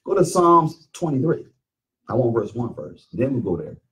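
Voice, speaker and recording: A man teaching scripture in call-and-response, pressing his listeners with repeated questions. His pitch swings widely as he drives each point home. He is picked up from across the room. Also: big pitch swings, moderate pace, far from the mic, slight background noise, low-quality recording. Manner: emphatic, questioning, repeats phrases. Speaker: teacher leading Bible study.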